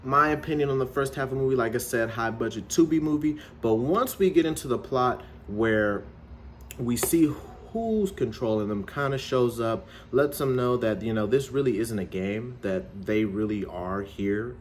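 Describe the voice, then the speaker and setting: A man's voice: medium pitch, moderate pace, slight background noise. A man casually reviewing and recapping a film, loose and slangy, leaning on filler phrases as he retells the plot. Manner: animated storytelling recap.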